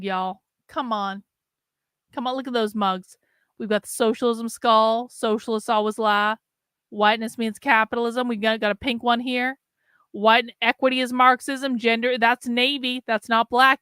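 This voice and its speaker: A woman hosting a casual livestream, a little drunk and chatting breezily. Her voice is bright, crisp and a touch high. It is recorded dry and close. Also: no room sound. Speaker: host.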